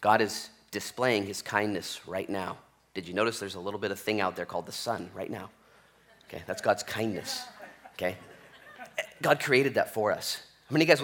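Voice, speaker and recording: A male pastor delivers an expository Bible-study sermon in an animated, jokey, conversational style, frequently tossing in "okay?" as he goes. His voice sits on the low side yet sounds bright and forceful, driving each point home with energy.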